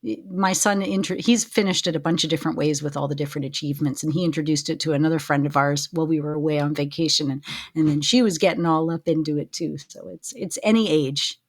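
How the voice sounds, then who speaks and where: A woman's voice: low voice, fast. A middle-aged woman co-hosting a podcast, chatting casually and animatedly. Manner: animated, laughs, mimics voices in anecdotes. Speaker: podcast co-host. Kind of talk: casual chat.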